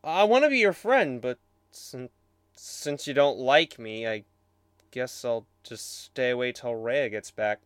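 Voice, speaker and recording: A man voicing a gentle, childlike male demon who is eager and easily hurt. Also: medium pitch, measured pace, smooth, no echo, lightly acted. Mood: apologetic.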